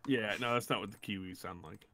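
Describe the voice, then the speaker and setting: A man's voice: on the low side, brisk, pushed and bright. A man co-hosting a casual podcast, giving short dry replies from farther off the microphone. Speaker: podcast co-host. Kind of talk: casual chat.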